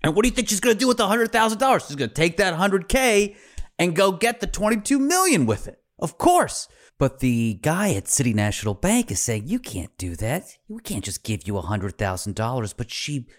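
A male podcast host who tells stories with dramatic flair. His pitch rises and falls widely as he acts out the characters, and he swears freely along the way. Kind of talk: dramatic storytelling.

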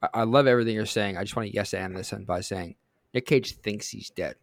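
A man co-hosting a podcast in casual chat, pitching a plot with fillers and quick bursts. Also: dry recording. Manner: brainstorming with lively bursts, fillers. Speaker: podcast co-host.

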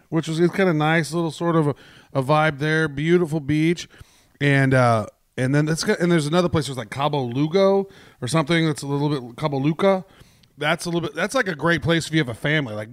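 Male podcast co-host, slightly raised pitch, dry close sound, rambling and profane casual delivery. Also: no room sound. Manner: rambling, loose and profane, lots of fillers. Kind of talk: casual chat.

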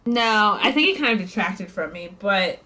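A woman's voice: mid-range voice, lively intonation, normal speed, noisy background. Blunt woman podcast co-host. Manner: blunt, opinionated. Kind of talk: casual book-club chat.

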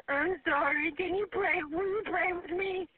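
Panicked woman in her forties, pleading and tearful, very high and slow, dry tinny phone audio. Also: no echo. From United States. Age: 40s. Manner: pleading, breathless nervous laughter. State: panicked, crying. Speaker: 911 caller. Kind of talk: emergency phone call.

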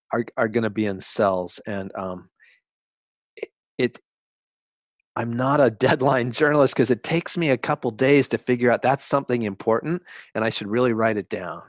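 Reflective man in his 60s, halting. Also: lowish voice, dry recording, studio quality. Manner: reflective, halting storytelling with restarts. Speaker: guest writer. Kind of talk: interview conversation.

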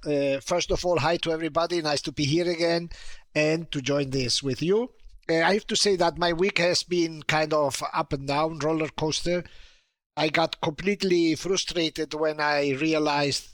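A man's voice: on the high side, dry recording. A man from Spain with a Spanish accent, a journalist chatting on a podcast with hesitant fillers. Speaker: journalist guest. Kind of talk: casual chat.

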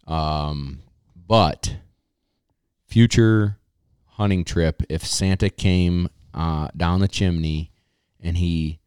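Deep voiced guy hosting a podcast, slow and teasing, dry close mic. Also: darkish tone, smooth, dry recording. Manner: teasing, unhurried, runs the segments. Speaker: podcast host. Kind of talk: casual podcast chat.

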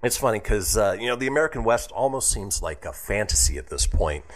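A man hosts a radio show, his low voice swinging widely in pitch. He reads history items and tosses in jokes along the way. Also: brisk. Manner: lively, reads history segment with quips. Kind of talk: casual radio banter.

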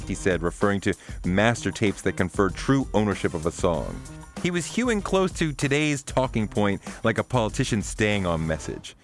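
Guy reading his memoir, wry and chatty, voice bounces around a lot, soft music under. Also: fairly low pitch, very animated, normal speed. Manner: wry, conversational storytelling. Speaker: narrator. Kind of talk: audiobook memoir narration.

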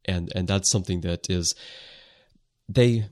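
A man's voice: low-pitched, unhurried, darkish tone. A man hosting a casual fan podcast who talks in a thoughtful, descriptive way and uses filler words. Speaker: podcast host. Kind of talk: casual chat.

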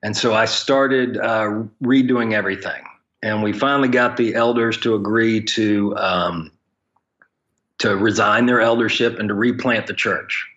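A man with a fairly low voice tells stories as a podcast guest, frank and joking, his wording plain and blunt. The audio is a little dull and lo-fi. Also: fairly even intonation, unhurried, a bit bright. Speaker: guest, ministry leader for pastors. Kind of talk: conversational podcast storytelling.

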